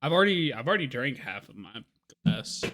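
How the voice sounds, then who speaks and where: A man's voice: mid-range voice, very animated, brisk, sharp tone, no room sound. A young man co-hosting a podcast, casual and laid-back, mostly reacting with short replies. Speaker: podcast co-host. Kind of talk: casual chat.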